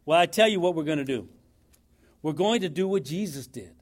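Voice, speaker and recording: A man's voice: fairly high pitch, lively intonation, fairly quick. A man preaching a sermon in a church, emphatic and repeating his points for effect.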